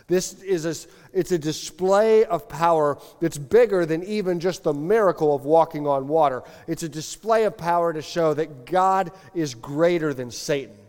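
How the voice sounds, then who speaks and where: A male pastor delivering a conversational, animated sermon, acting out bits of biblical dialogue. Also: fairly high pitch, long reverb tail. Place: church sanctuary.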